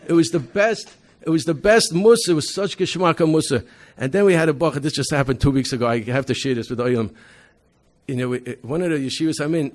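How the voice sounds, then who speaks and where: A man, a rabbi giving a convention talk, animated storytelling with frequent restarts and loudly acted-out quotes. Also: fairly high pitch. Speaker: rabbi presenting an educational program. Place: convention hall.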